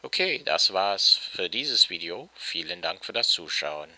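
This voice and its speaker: Guy teaching german grammar, deep voice but really bright and sharp, dry sound. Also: sing-song, unhurried, dry recording, rough recording. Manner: patient, step-by-step explaining with fillers. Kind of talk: explanatory lesson.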